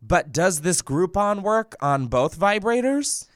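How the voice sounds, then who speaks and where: A woman's voice: lowish voice, very animated, takes it slowly, no echo, studio quality. A woman co-hosting a comedy podcast in a giggly, rambling way, often breaking off mid-sentence. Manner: giggly, rambling, self-interrupting. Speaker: podcast co-host. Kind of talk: casual comedic chat.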